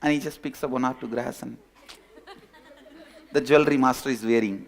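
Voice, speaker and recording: A man, a spiritual teacher telling a parable in a sermon, unhurried and soft-spoken. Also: medium pitch, fairly even intonation, gravelly. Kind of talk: sermon with storytelling.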